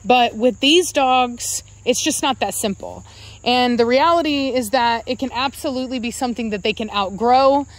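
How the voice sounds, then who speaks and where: A woman who breeds dogs, chatting casually to viewers in a rambling, self-correcting way. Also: moderate pace. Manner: rambling, self-correcting, calls out to her dogs in a high coaxing voice. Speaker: dog breeder and channel host. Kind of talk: casual vlog talk to viewers.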